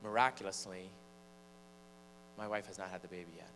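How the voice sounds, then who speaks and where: A man's voice: low-pitched, brisk. Man telling a story in a reverberant church. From Michigan. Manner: animated storyteller, building suspense. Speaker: preacher and singer. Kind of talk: storytelling from the pulpit. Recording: long church reverb, faint mains hum.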